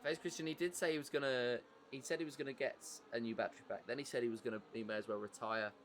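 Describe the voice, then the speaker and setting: A man's voice: mid-range voice, fairly even intonation, fast talker, slight background noise. A man with an English accent giving live commentary on an online racing league, chatty and answering viewer messages between race updates.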